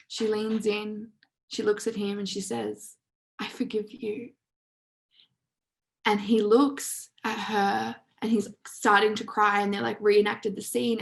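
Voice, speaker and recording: Gravelly-voiced woman hosting a motivational talk. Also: medium pitch, poor audio. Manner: emphatic, casual, with swearing. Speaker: host of a live online session.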